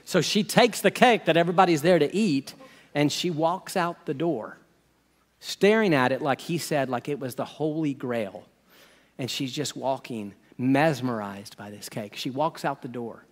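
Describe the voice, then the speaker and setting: A man, a pastor, telling a story in a sermon with animated, folksy asides. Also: on the high side, moderate pace, big-room sound.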